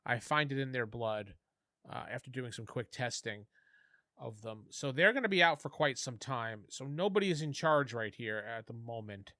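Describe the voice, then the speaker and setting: Bright-voiced man running a tabletop game. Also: mid-range voice, lively intonation, moderate pace, no echo, studio quality. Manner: chatty, laughing asides. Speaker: game master.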